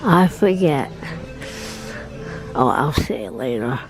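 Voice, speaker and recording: A vlogger and DJ with an extremely low, expressive voice speaks slowly as she walks around a record shop indoors. Filming a casual walking-tour vlog on a handheld phone, she rambles and laughs easily. Music plays in the background, and the audio is poor.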